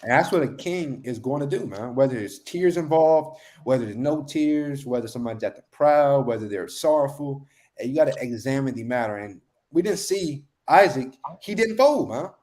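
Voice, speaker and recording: A man's voice: mid-range voice, lively intonation, normal speed, darkish tone. A man leading a street-style scripture lesson, emphatic and slangy, with repeated catchphrases. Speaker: lead street teacher.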